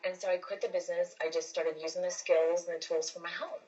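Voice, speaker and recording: A woman with a low, deep voice talks straight into a phone on a casual livestream. She rambles, restarts her sentences and repeats words, leaning hard on emphasis. The sound is dull and lo-fi. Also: level tone, fast talker, a little mellow. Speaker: livestream host.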